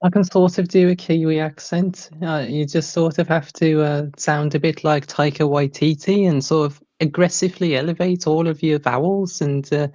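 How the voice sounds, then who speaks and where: A man's voice: on the high side, steady tone, normal speed, hardly any pauses, a little mellow, no room sound, muffled recording. A man in casual conversation, wry and teasing, asking pointed questions. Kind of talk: casual chat.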